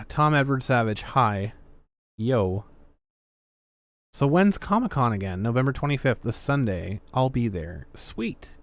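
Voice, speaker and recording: A man's voice: mid-range voice, lively intonation, slow pace, pauses often. Sarcastic man reading chat on stream. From Canada. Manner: sarcastic, swears, reads chat aloud. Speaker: livestream host. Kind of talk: casual livestream commentary.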